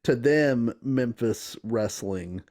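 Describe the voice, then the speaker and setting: A man in easy, casual podcast chat who laughs often as he retells a tale. His voice sits at a middle pitch, neither high nor low. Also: slow pace, a little mellow. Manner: laughs often, slips into impressions while retelling. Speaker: podcast co-host.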